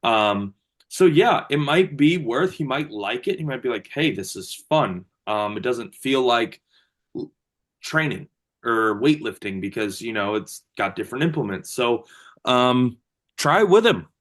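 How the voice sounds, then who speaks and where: A man's voice: mid-range voice, animated, a little slow. Male coach, casual and chatty, lots of fillers, heard over a video call. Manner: loose and chatty, many fillers and restarts. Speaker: strength coach.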